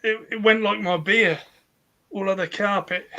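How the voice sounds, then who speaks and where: A man's voice: sits high, steady tone, moderate pace, sharp tone. A man in a casual friends' chat, tossing in joking quips.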